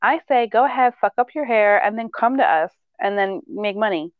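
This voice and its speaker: A woman's voice: medium pitch, moderate pace, no echo, phone-quality sound. A woman hairstylist and mother in casual chat, blunt and swearing freely, laughing often.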